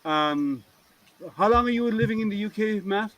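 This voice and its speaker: Man host, casual teasing chatter on a video call, fairly high voice. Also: expressive, normal speed, fairly bright tone, a little hiss or hum, low-quality recording. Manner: chatty, teasing, laughs often. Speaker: host of a group video hangout. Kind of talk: casual group chat.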